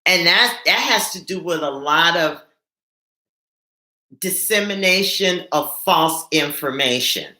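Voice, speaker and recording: A nurse hosting a live stream from home, speaking earnestly and stumbling over repeated words when upset. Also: female voice, on the low side, lively intonation, slow pace, pushed and bright, roomy sound. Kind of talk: emotional live-stream talk to viewers.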